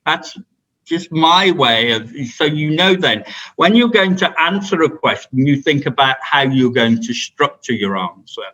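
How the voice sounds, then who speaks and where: A man's voice: a little high, lively intonation, a little slow, sharp tone, rough recording. Rambling man giving staff talk. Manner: rambling, many restarts and fillers. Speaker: presenter at staff training. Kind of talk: unscripted talk to colleagues.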